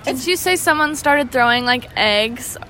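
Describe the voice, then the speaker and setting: Bright-voiced young woman telling stories. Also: high voice, animated, measured pace, slight background noise. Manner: chatty storyteller, casual swearing, fillers like "um" and "like". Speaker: podcast co-host. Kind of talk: casual chat.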